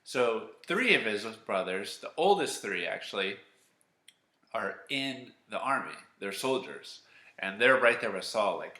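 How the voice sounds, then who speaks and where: A man with a low, bright, forceful voice tells a Bible story to children. He talks in a chatty, animated way and keeps asking the kids questions. The sound rings in a roomy, echoey space. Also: a little slow. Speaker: children's ministry teacher.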